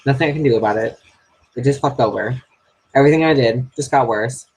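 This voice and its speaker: A man's voice: medium pitch, fairly quick, breathy edge, rough recording. A man recording an angry, profanity-heavy confessional about being targeted in an online game. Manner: frustrated ranting with heavy swearing.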